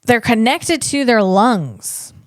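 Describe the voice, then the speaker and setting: A woman comedian hosts her own solo podcast, reading facts and breaking off into playful, riffing asides. Her fairly high voice swings widely in pitch, and she speaks slowly, stumbling over tricky words. The sound is dry and close, with no echo.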